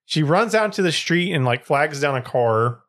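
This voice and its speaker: A man's voice: a little high, lively intonation, moderate pace, a bit bright. A young man co-hosting a casual podcast, retelling a story with lots of swearing and acted-out quotes.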